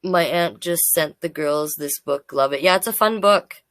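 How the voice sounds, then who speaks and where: A woman's voice: low voice, normal speed, a bit bright, no echo. A woman, a drag king hosting a casual live-stream storytime, chatty and playful as she greets the kids watching by name.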